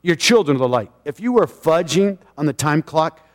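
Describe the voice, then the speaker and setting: A middle-aged man delivers a sermon from the pulpit, his voice pitched high. He surges into loud, fervent declarations and then drops to near-quiet asides. The sound rings with the long reverb of a church sanctuary. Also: lively intonation, normal speed. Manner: passionate preaching, swings from loud to quiet. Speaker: pastor.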